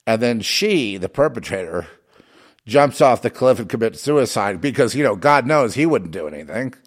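A man's voice: medium pitch, lively intonation, normal speed. A man in a rambling rant with many restarts and repeated fillers. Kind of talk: ranting commentary.

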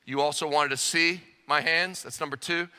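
A man preaching a sermon as pastor, animated and emphatic, acting out the voices he quotes. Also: on the high side, normal speed, clear, resonant tone, in a large hall.

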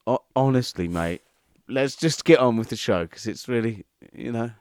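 A man's voice: medium pitch, animated, moderate pace, darkish tone, dry recording, studio quality. A British man co-hosting a comedy podcast in casual chat, blunt, sweary and teasing. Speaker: podcast co-host.

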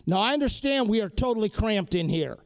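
A man's voice: sits high, expressive, brisk. A man preaching a sermon to students and faculty, earnest and exhorting, repeating key phrases and ending in prayer. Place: crowded hall or chapel.

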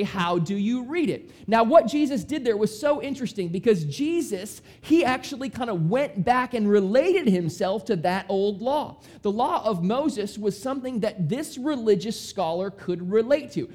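A man preaching a sermon as pastor, in a lively, conversational style that acts out the quotes he retells. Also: high-pitched, normal speed, few pauses. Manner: animated, conversational preaching with dramatic voiced quotes.

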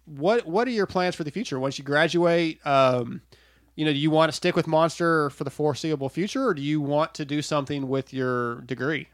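A man's voice: fairly high pitch, a little fast, no room sound, studio quality. Chatty man host, stammering restarts. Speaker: podcast host. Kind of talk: casual interview over a call.

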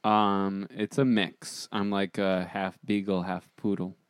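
A man goofing around in an improvised comedy bit, playful and quick to laugh. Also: sits low, flat delivery, clean tone, no room sound, studio quality. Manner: goofy, playful, laughs often. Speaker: improv performer.

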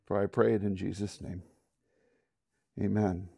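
A man preaching a sermon, telling a Bible story with lively acted-out voices and closing in a hushed prayer. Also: low voice, a little slow, gravelly, breathy edge, dry recording, studio quality. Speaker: pastor.

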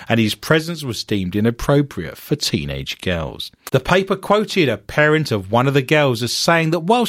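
A man's voice: medium pitch, fairly bright tone, dry recording, studio quality. A man co-hosting a comedy show, reading odd news stories and breaking off into sarcastic asides. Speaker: co-host.

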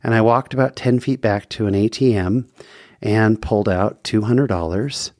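A man's voice: fairly low pitch, normal speed, darkish tone, dry recording, studio quality. A man hosting a podcast, telling a personal faith story in an earnest, heartfelt way. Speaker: podcast host.

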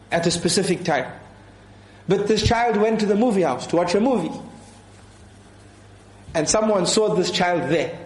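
Earnest high-voiced male preacher, echoey room. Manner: earnest, repeats key phrases, quotes Arabic scripture. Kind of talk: sermon.

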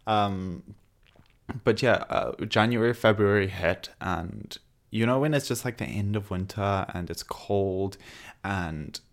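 A man's voice: lowish voice, slow pace, creaky. Chatty man with a slight accent. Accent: non-native English. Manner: chatty, laughs often, loose rambling delivery. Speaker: podcast co-host. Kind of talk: casual chat.

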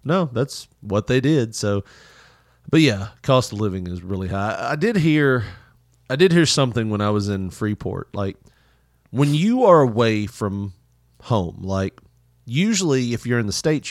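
A man's voice: mid-range voice, sing-song, measured pace, dry recording, studio quality. Laughing, rambling man in casual chat. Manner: laughs often, loose rambling storytelling with swearing.

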